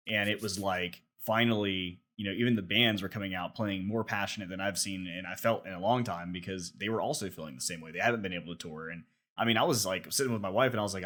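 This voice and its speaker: A man's voice: low voice, fairly even intonation, fast, a bit bright. A man co-hosting a podcast, telling a long story in casual chat, full of fillers and restarts. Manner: rambling, filler-heavy storytelling. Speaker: podcast co-host.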